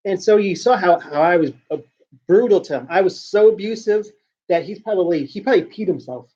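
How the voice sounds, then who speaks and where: In a high, warm voice at a fairly quick clip, a man rambles to camera from home while hosting a joke news show at his computer. He's jokey and self-mocking, trailing off and restarting. The sound is lo-fi.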